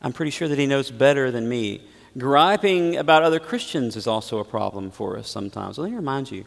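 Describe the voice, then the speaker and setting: A man preaching a sermon as pastor, swinging between loud emphatic points and quiet, low asides. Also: animated, a little fast, vocal fry, long reverb tail.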